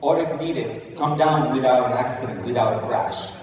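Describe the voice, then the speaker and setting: A man's voice: medium pitch, moderate pace, darkish tone. Male event host, emphatic and repetitive, captured from a distance in a reverberant hall with faint background noise. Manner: emphatic, repeats key phrases. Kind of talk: speaker introduction.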